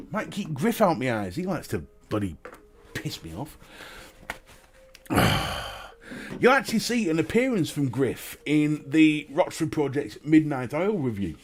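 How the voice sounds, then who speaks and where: A man's voice: fairly high pitch, sing-song, slow, pauses often, husky. A man with a Northern English accent hosting a casual live stream, chatting and greeting viewers and laughing often. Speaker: live-stream host and vape reviewer.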